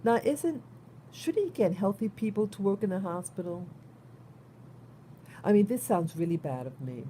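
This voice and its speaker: Vlogger: New woman, warm, mellow voice, concerned, rambling delivery with frequent restarts. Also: mid-range voice, slight background noise. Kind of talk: casual spoken monologue.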